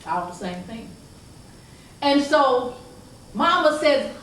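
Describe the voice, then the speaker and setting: Slow, folksy Southern woman storyteller in an echoey hall. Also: high-pitched, sing-song, fairly bright tone. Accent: Southern American. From southern United States. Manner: call-and-response, emphatic, folksy, stretches key phrases slowly. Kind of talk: oral family storytelling to an audience. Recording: very echoey hall, distant voice, faint background hum.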